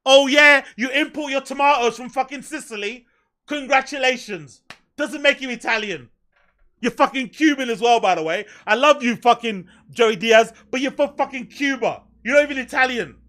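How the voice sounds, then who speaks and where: A man streaming a loud, profane, mocking rant in reaction to clips, often shouting. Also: very high voice, normal speed. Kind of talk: ranting reaction commentary.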